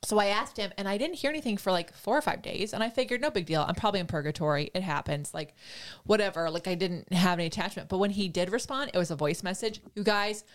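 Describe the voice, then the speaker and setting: A woman hosting a podcast, telling a story in casual chat, excitable and gushing, with lots of fillers. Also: medium pitch, fast talker. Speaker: podcast host.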